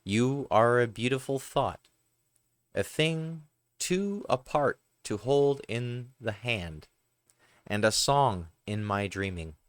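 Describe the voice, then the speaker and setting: A man's voice: mid-range voice, animated, slow pace, no echo. A man reading aloud the tender, wistful lines of a dreamy man in love.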